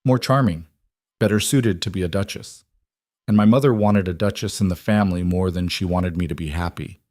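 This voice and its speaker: A man's voice: low voice, brisk, no room sound, clean studio sound, close to an everyday voice. A man voicing a cold, guarded young woman. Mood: defiant. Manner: flat, clipped delivery.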